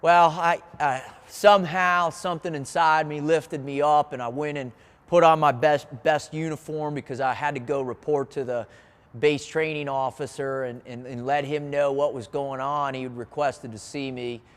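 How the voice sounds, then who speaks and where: A man's voice: fairly high pitch, steady tone, moderate pace, clear, resonant tone. A man telling a personal story as a motivational speaker, earnest and vivid, often restarting his phrases. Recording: long hall reverb.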